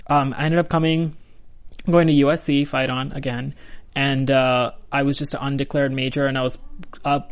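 A man's voice: mid-range voice, little pitch movement, normal speed, smooth. A young adult man telling a story as an interview guest in a casual, rambling way, full of "like" and restarts. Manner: chatty, full of "like" and restarts, laughs through.

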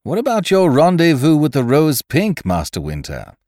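A man's voice: a little high, wildly swooping pitch, moderate pace, darkish tone, no room sound, studio quality, voice pushed up. A man voicing a cheerful, mocking pirate captain who gloats over his beaten rivals. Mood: blithe. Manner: gloating, blithe, derisive.

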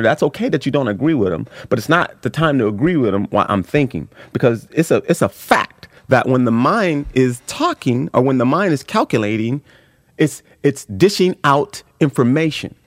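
Animated man, lively casual talk. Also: mid-range voice, a little fast, dry recording, clean studio sound. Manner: animated storyteller, frequent restarts, swears freely. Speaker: comedian guest. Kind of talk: casual podcast chat.

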